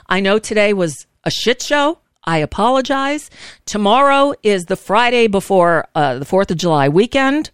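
A woman's voice: mid-range voice, smooth, no echo. Worn out lady hosting talk radio, blunt, swears a lot, dry close sound. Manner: emphatic and outspoken, curses freely. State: frazzled, worn out. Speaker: talk show host. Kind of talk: political talk radio, casual and heated.

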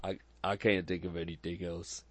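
A low-voiced man gives deadpan, literal takes in a casual movie chat. His dry humor lands flat on purpose, and the mic is close and dry. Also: moderate pace, dry recording.

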